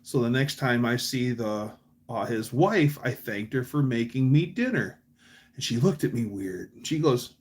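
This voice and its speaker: A man hosting a livestream, telling long casual stories with restarts and animated quotes. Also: medium pitch, measured pace. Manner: rambling anecdotes with restarts, quotes voices animatedly. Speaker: livestream host.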